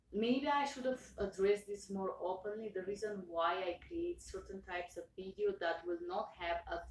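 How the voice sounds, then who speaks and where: A woman speaking English with an accent, earnestly thanking her viewers, halting and emotional with many restarts. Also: medium pitch, a little hiss or hum. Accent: non-native English accent. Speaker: channel owner. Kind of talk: personal thank-you talk to viewers. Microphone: own camera. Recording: roomy echo, voice far from mic.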